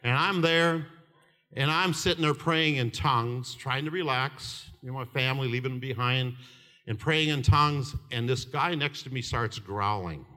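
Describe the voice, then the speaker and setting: A man in his seventies preaching a fervent sermon, telling stories with laughter and shouted lines. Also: mid-range voice, moderate pace. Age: 70s. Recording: reverberant hall.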